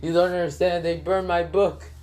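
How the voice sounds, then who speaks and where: A man's voice: high-pitched, level tone, normal speed, a little mellow, faint music behind, pitched above the performer's own voice, lightly acted. A man voicing a whiny adult male ninja who wails and pleads in a raised voice, in a spoken fan story. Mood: wailing. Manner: wailing, pleading.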